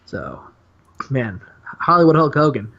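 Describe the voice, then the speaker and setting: A man hosting a casual podcast, excitedly recapping wrestling matches and laughing often. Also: medium pitch, a little slow, vocal fry, lo-fi sound. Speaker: podcast host.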